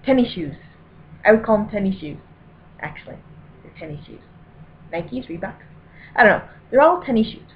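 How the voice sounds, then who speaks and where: A woman's voice: mid-range voice, lively intonation, normal speed, pauses often. A woman from Colorado with a Denver accent, chatting casually to camera as she reads an accent-tag word list and makes rambling, self-deprecating asides. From Colorado, USA. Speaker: vlogger doing an accent tag. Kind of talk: casual reading and chat to camera. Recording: very tinny, lo-fi with faint hiss.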